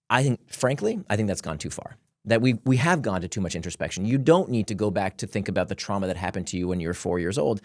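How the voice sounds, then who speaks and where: Male guest author, lowish voice, animated talker who laughs between points. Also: quick pace, no room sound, studio quality. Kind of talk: conversational explaining.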